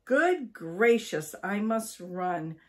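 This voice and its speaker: A woman voicing a flustered, forgetful elderly husband in a storybook reading, talking in a hurried, apologetic way. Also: medium pitch, natural voice.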